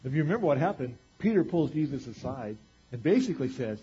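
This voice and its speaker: A man preaching a sermon, retelling a scripture story in casual everyday paraphrase, swinging between loud emphasis and quiet asides. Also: medium pitch, animated, fast, slightly rough, lo-fi sound. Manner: conversational, retells scripture in casual paraphrase, varies loudness widely. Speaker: pastor.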